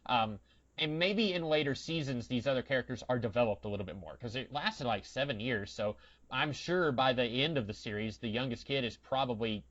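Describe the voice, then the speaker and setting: A man's voice: medium pitch, brisk, fairly bright tone. Dry-humored man on a dull recording. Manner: dry, wry and rambling. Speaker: podcast co-host. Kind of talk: casual chat. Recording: dull lo-fi sound.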